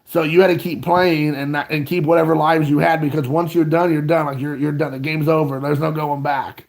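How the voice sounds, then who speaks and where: A man's voice: a little high, little pitch movement, fairly quick, gravelly, a little mellow. A man in his thirties, co-hosting a podcast, telling a rambling, self-mocking childhood story in casual chat.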